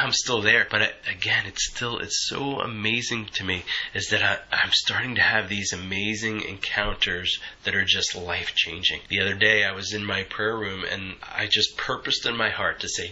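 Earnest man with a bright voice. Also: lowish voice, dull audio. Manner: earnest, conversational, retelling prayer experiences. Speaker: Christian podcast speaker. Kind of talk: reflective spiritual teaching. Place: home prayer room.

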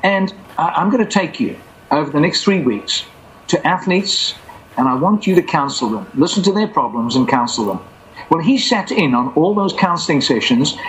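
A man's voice: a little high, poor audio. A man telling a long personal faith story in conversation, acting out the voices of the people in it. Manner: animated, acts out quoted voices. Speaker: guest storyteller.

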